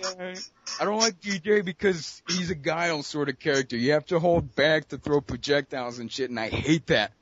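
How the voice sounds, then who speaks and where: A man's voice: a little high, a little fast, dull audio, noisy background. A young man in casual chat with friends about games, brash, profane and opinionated. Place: abroad in Costa Rica.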